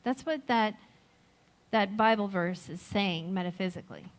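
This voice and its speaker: A middle-aged woman giving a sermon, slow and reflective, telling a personal story with gentle laughs. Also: medium pitch. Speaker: speaker at a Sunday service.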